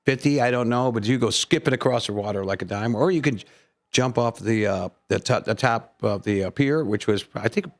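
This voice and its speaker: A man's voice: mid-range voice, fairly quick. A man co-hosting a morning radio show, talking into a studio microphone. He rambles through long stories and jokes, acting out the voices and laughing easily. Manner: rambling storyteller, laughs often, acts out voices. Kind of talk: casual on-air banter and joke telling.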